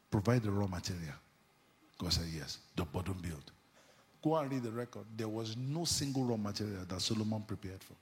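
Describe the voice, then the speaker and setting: Fervent preacher man, gravelly and echoing. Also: mid-range voice. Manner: fervent preaching with sudden shouts and hushed asides. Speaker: pastor. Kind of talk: sermon. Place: church.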